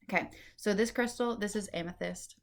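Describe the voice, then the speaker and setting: A woman's voice: mid-range voice, brisk. A woman hosting a casual solo spirituality podcast, chatty and meandering, with lots of fillers. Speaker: podcast host and intuitive reader.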